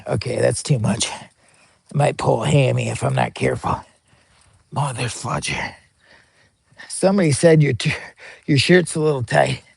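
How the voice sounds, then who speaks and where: A man live streaming a product test, joking around, hyping up his viewers and bursting into excitement. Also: on the high side, creaky, no room sound. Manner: joking, hyped, begs for likes, bursts of excitement. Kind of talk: goofy live-stream chat. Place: outdoor campsite by a pellet stove.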